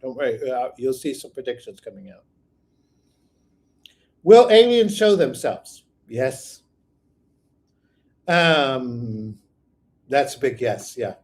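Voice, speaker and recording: A man's voice: mid-range voice, lively intonation, takes it slowly, pauses often, a little mellow. A man hosting a psychic channel, reading out viewer questions and answering them in a rambling, think-aloud way. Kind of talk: live viewer Q&A.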